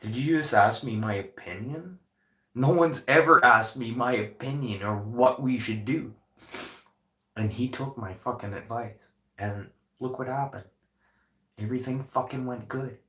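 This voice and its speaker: A man's voice: mid-range voice, unhurried, a bit bright. Earnest, profane man in an echoey room. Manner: earnest, heavy swearing, impassioned. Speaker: restaurant owner. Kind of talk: unscripted motivational vlog talk.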